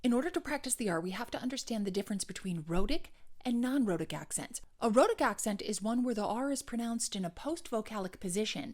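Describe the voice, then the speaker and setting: A woman's voice: fairly high pitch, animated, fast, a little mellow. A woman teaching an accent lesson, modeling and repeating sounds as she explains. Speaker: dialect coach.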